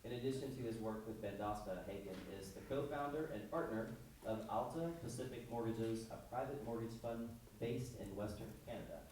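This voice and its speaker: A male emcee reads a speaker introduction in a formal, measured way. His voice comes from far off, heavily echoed, with faint noise underneath. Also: on the low side, a little mellow. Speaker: event emcee. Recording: echoey hall, distant mic, faint noise.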